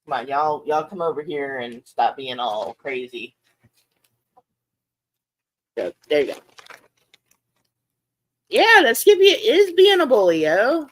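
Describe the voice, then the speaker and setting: A woman, hosting her aquarium vlog and chatting casually, laughing often and jumping into high-pitched reenactments of her own reactions. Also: sing-song, takes it slowly, pauses often. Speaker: aquarium channel host. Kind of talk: casual chat to livestream viewers.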